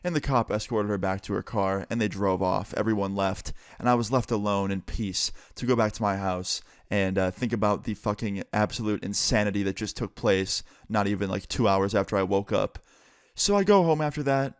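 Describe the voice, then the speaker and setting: A young man telling a storytime to his channel in a casual, excited way with a lot of swearing. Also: lowish voice, normal speed, smooth, dry recording, studio quality. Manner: casual, profane, excited retelling. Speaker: YouTuber. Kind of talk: storytime monologue.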